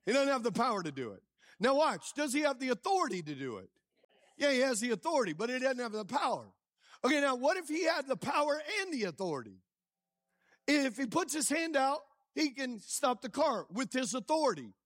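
High-voiced preaching man. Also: brisk, dry recording, studio quality. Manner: energetic call-and-response preaching, quizzing the congregation. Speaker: pastor. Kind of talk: sermon. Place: church.

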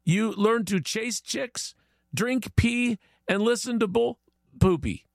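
A man voicing an earnest newcomer who speaks halting broken English in a spoken joke. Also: high voice, creaky, no room sound, clean studio sound, pitched above the performer's own voice, exaggerated voice.

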